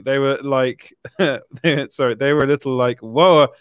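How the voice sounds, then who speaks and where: A British man hosting a casual podcast chat, giggly and full of quick restarts. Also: mid-range voice, smooth, no room sound, clean studio sound. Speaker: podcast host.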